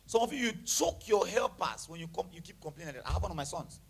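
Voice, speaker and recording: A man preaching a sermon to his church, with a lively, emphatic delivery that jumps from shouts to near whispers and mixes in Pidgin phrases. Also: high voice, fast talker, creaky, breathy edge. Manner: animated preaching, shouting then dropping to a hush, Pidgin phrases, laughing. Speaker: pastor. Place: church hall with congregation.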